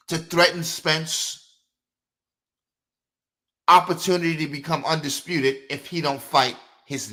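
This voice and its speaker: Fiery, profane man ranting live. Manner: fiery, profane, swings from loud outbursts to low mutters. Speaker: podcast host. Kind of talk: live-stream boxing rant.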